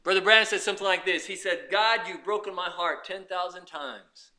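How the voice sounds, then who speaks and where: High, bright-voiced male preacher. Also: fairly quick. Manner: preaching with swings from loud to hushed. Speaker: pastor. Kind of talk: sermon.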